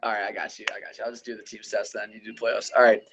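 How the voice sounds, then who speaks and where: A man's voice: fairly low pitch, flat delivery, rapid-fire, fairly bright tone, muffled recording, slight background noise. A young man hosting a casual podcast, loosely running through football rankings and stats with profanity and offhand asides. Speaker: podcast host. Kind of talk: casual sports gaming chat.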